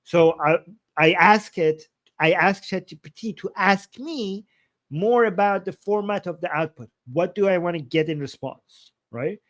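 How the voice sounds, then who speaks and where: A man hosting a livestream, explaining his method in a blunt, animated, casual way and swearing freely. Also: high voice, a little slow. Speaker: livestream host.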